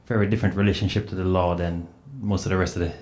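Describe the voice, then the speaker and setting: A man from Jamaica with a Jamaican accent, telling anecdotes as a panelist, animated and full of "you know" fillers. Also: low-pitched, rapid-fire. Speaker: panelist author. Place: event hall at a book festival panel. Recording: roomy hall sound with faint noise.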